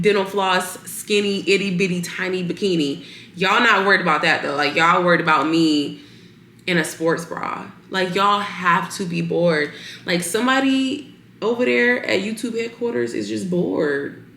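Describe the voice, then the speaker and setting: A woman's voice: lowish voice, a little slow, a bit bright, slight background noise. A young woman vlogger chatting casually to camera from her bedroom, exasperated and ranting to her viewers. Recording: roomy echo.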